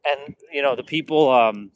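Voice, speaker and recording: Over a rough recording, a vlogger with a mid-range voice tells casual stories at a moderate pace. He rambles, restarts his sentences frequently and acts out people's words.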